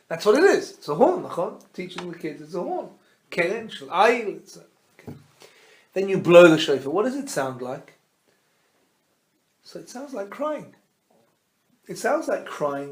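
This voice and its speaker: Rabbi guy teaching a torah class, bit high voice, tells it like a story, lots of hebrew words, echoey room. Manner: animated storyteller, quizzes his listeners; mixes Hebrew terms into his teaching. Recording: roomy echo.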